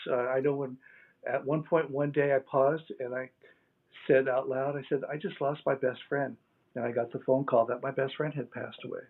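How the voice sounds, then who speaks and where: A middle-aged man telling personal stories as an interview guest, rambling and reflective with many fillers. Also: medium pitch. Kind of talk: casual storytelling interview. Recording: tinny phone-like line.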